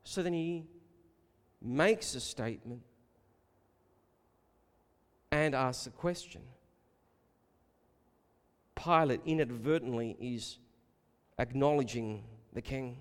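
A man preaching a sermon, emphatic and rhetorical, calling his listeners beloved and building to loud repeated questions. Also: mid-range voice, takes it slowly, pauses often. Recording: long reverb of a large hall.

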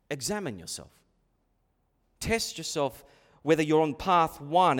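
A man preaching a sermon as pastor, dramatic, dropping to a hush and rising to a shout. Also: fairly high pitch, lively intonation, a little slow, pauses often, in a large hall.

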